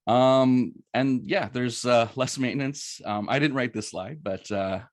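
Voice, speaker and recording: A man's voice: medium pitch, fairly even intonation, a little slow, dry recording, clean studio sound. A middle-aged man from Canada giving a casual, chatty presentation full of ums and asides. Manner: chatty, anecdotal, many ums and rights.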